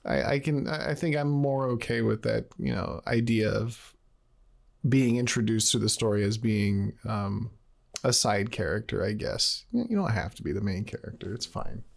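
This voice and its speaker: A man's voice: on the low side, lively intonation, normal speed, creaky. A man in casual podcast chat about a game, rambling and laughing often. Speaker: podcast co-host.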